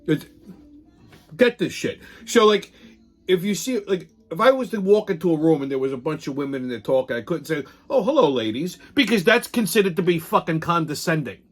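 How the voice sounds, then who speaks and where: A blustering man hosts a comedic rant show, swearing at every turn. His voice sits high for a man and leaps around in pitch. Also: animated, brisk, soft background music. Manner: profane, blustering, swaggering. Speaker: host.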